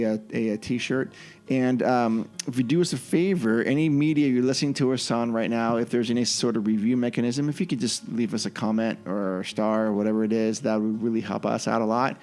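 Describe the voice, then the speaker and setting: A man's voice: mid-range voice, darkish tone. A man hosting a podcast, chatting casually in an easygoing, rambling way as he wraps up the show. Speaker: podcast host.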